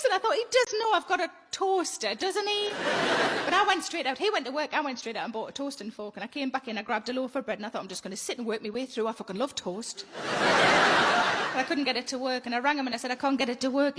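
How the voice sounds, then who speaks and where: High-voiced woman doing stand-up. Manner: chatty, self-mocking storytelling. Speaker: stand-up comedian. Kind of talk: stand-up routine. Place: comedy club stage. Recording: loud crowd and noise from a live club.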